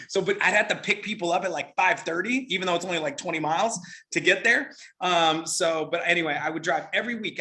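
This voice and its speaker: A middle-aged man leads an energetic, repetitive network marketing training meant to motivate, frequently checking in with "right?". His voice sits high.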